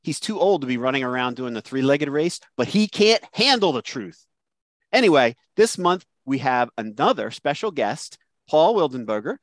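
A man hosting a podcast, friendly and quick to laugh. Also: medium pitch, big pitch swings, no room sound. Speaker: podcast host.

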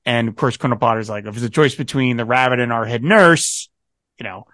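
A man's voice: mid-range voice, fairly quick, no echo, clean studio sound. A man co-hosting a podcast in casual chat, recapping a TV episode with frequent laughs and quoted lines. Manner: animated, laughing often, quoting characters. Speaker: podcast co-host.

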